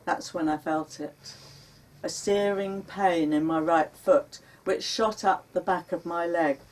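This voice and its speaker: A woman author reading her memoir aloud at a bookshop launch, unhurried and turning dramatic when she quotes her past self. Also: on the low side, fairly even intonation, a little mellow. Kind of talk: live reading of memoir prose. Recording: recorded from a distance.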